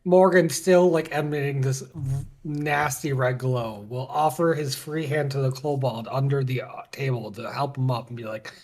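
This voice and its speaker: A man's voice: mid-range voice, fairly even intonation, normal speed, hardly any pauses, darkish tone. A man playing a character in a tabletop game, speaking in a grandiose, theatrical way. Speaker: player.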